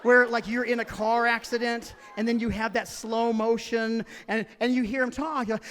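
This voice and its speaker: A male comedian performs a story on stage. His voice sits very high for a man. He tells it in an excitable, animated way. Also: moderate pace, few pauses, big-room sound, a little hiss or hum. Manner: excitable, animated, with bursts of laughter. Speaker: stand-up comedian. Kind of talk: stand-up storytelling.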